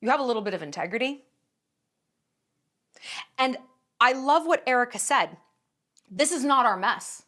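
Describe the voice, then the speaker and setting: A woman's voice: a little high, lively intonation, normal speed, pauses often, a bit bright. A woman giving casual opinion commentary in a blunt, profane and emphatic way, sarcastic and indignant. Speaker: commentary vlogger.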